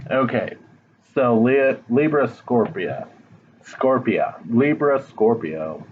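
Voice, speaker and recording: A man's voice: medium pitch, animated, slow, phone-quality sound, slight background noise. A man giving a casual tarot reading straight to the viewer, blunt and frank, swearing now and then. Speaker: tarot reader. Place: home, dog nearby.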